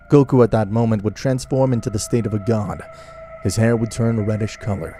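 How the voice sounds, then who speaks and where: A man narrates a fan-theory story at a steady pace. His voice is mellow and a bit dark, with faint music playing behind him. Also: on the low side, fairly quick.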